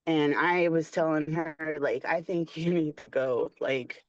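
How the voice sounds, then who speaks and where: A woman's voice: sits low, measured pace, no room sound. A woman on a video call telling a personal story in a chatty, candid way, full of "like" and "you know". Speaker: support group participant. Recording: dull, dry audio.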